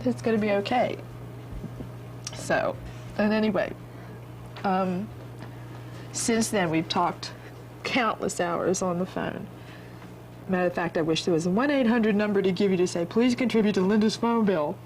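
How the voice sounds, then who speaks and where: A middle-aged woman speaks tenderly and at some length, her voice sitting at an ordinary middle pitch. She rambles a little as she goes, and her emotion stays close to the surface. A faint hiss of noise runs under the recording. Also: a little slow, pauses often, poor audio. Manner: tender, rambling, laughs through tears. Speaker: birth mother telling her story. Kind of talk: emotional personal testimony.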